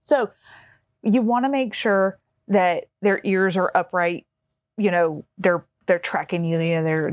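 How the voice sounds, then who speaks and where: Chatty woman with a low voice. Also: a little mellow, dry recording. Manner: rambling, conversational, many fillers and restarts. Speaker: podcast host. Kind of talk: casual instructional talk. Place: home.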